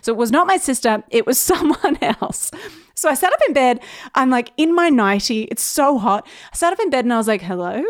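Young woman, podcast host, casual story monologue, animated and chatty, dry voice. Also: sits high, brisk, no room sound. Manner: chatty, animated, laughs often while telling stories.

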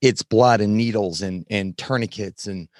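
Low-voiced man, frank and dry. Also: a little mellow, no echo. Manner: frank, plain-spoken, occasional swearing; halting, many fillers and restarts while recounting. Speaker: podcast guest. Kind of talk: candid interview storytelling.

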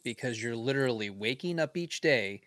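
A man with an ordinary mid-range voice hosts a podcast in a relaxed, chatty way and tosses in light joking remarks. His voice sounds dry and close to the mic. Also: medium pitch, moderate pace, no room sound. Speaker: podcast host. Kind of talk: casual chat.

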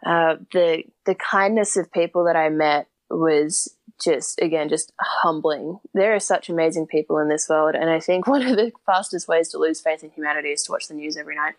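Chatty Australian woman, low voice. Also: moderate pace, hardly any pauses, no echo. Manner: chatty, laughs often, many fillers. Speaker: guest. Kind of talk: casual storytelling interview.

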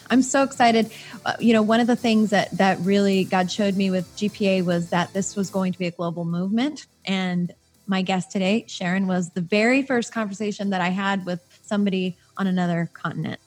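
An American woman hosting a podcast, enthusiastic and gushing, with quick asides. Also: mid-range voice, soft background music. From United States. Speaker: podcast host. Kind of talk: podcast intro and interview.

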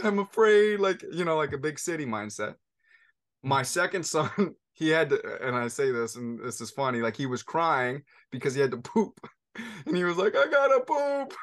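A man's voice: medium pitch, sharp tone. A podcast host in his thirties, a father, telling a long family story in a casual interview, full of restarts and fillers. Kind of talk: conversational interview.

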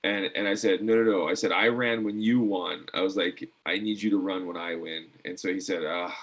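A man's voice: sits low, steady tone, fairly quick, a bit bright, slightly rough. A middle-aged man, a former athlete, telling a story in a casual interview, earnest and full of fillers and restarts. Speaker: guest, former decathlete.

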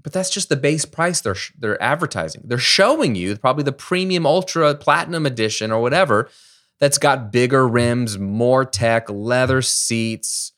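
A middle-aged man from the United States hosting a solo podcast, explaining ideas in a lively, conversational way with everyday examples. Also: mid-range voice. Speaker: podcast host. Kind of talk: casual solo podcast teaching.

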